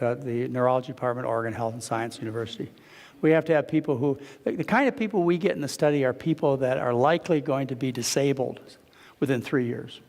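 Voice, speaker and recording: A man giving a live lecture as a physician, telling stories with animated quotes and asides to the audience. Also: mid-range voice. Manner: animated storytelling, quotes others with raised voice. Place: lecture hall. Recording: long reverb of a lecture hall.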